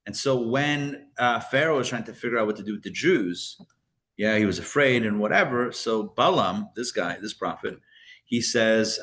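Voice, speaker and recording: A man's voice: mid-range voice, animated, normal speed, fairly bright tone. A man teaching a live Torah class as a rabbi, chatty and full of fillers and restarts, with joking asides.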